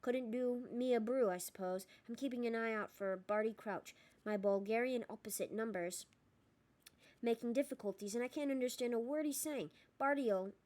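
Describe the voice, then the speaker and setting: A jovial man rattles on in a bright, cheerful way, light and slightly raised in pitch, as a woman reads him aloud. He is chatty and breezy, in a storybook reading. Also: moderate pace, natural voice. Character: cheerful breezy male sports official.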